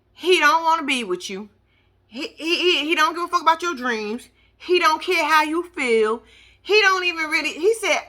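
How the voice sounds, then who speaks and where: A woman giving casual, profane reaction commentary on a reality show, brash and animated. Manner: animated, brash, profane, mimics people in high voices.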